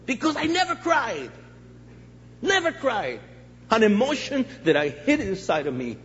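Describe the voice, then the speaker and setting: A middle-aged man preaches a testimony sermon as an animated storyteller, acting out each scene. His voice sits high for a man and swings from loud to hushed. The recording is dull and soaked in long hall reverb, with faint noise underneath. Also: a little slow. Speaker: guest pastor. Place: church sanctuary.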